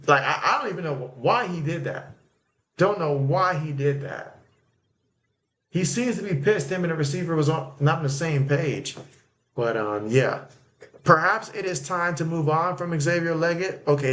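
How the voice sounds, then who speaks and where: A man hosts a sports livestream in a slightly raised voice, talking through the game in a loose, conversational way. He leans on fillers and jumps on each play as it happens, then goes back to reading viewers' comments. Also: fairly high pitch. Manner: loose and conversational, many fillers, reacts to plays as they happen. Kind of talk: casual live game commentary and chat reading.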